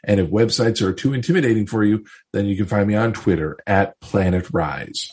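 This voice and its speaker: Male podcast guest, low husky voice, joking casual chat. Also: brisk, darkish tone. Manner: joking, self-promoting.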